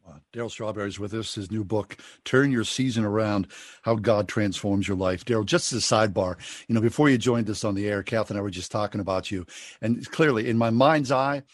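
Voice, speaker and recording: A man's voice: fairly low pitch, brisk, no echo, studio quality. A man hosting a radio interview, talking to his guest effusively and openly as a fan. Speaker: radio host.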